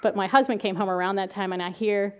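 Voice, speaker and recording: A middle-aged woman giving a talk on calming angry children, telling lively stories from her own family and work, often laughing and acting out the children's voices. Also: mid-range voice, fast talker, smooth, highs cut off. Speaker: child behavior specialist giving a parenting talk. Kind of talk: presentation with slides.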